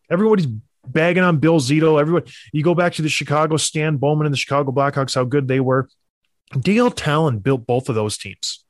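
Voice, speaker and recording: A man's voice: fairly high pitch, no echo, studio quality. Emphatic man talking hockey. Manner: emphatic, animated, mocking impressions. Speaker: sports podcast host. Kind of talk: opinionated hockey talk.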